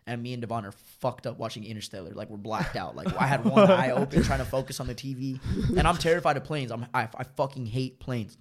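A young man in casual chat with friends, telling animated, profanity-heavy stories peppered with "like" and "bro". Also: medium pitch, fast talker, hardly any pauses. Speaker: storyteller guest.

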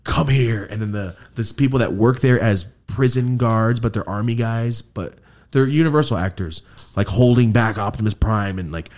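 A man's voice: lowish voice, moderate pace, darkish tone. A man hosting a podcast, telling a story with lots of swearing and acted-out quotes. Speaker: podcast host. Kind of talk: casual storytelling chat.

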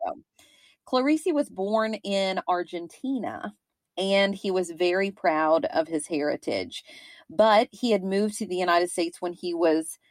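Woman, Kentucky accent, lowish voice, rambling podcast chat, dry close sound. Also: a little slow, dry recording. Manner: chatty, rambling, with frequent fillers. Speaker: podcast co-host. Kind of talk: casual true-crime podcast chat.

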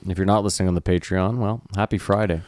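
A man co-hosting a podcast, telling stories in a loose, profane, animated way. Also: low-pitched, fast talker, no echo. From Canada. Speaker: podcast co-host. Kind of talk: casual podcast chat.

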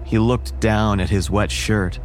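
A man narrating a first-person horror story in a measured, wary tone. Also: on the low side, steady tone, slight background noise.

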